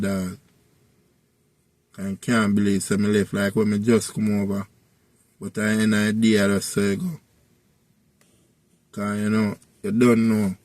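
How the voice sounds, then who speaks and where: A vlogger with a Jamaican accent rambles casually through a personal story, returning repeatedly to the same tag phrases. His voice is fairly low, and the recording is dry.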